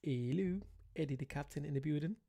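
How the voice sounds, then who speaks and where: His voice is fairly high, gravelly yet warm, and he speaks fairly quickly. He's a man from the United Kingdom hosting his first live stream at home late at night, chatting easily and naming viewers as he greets them.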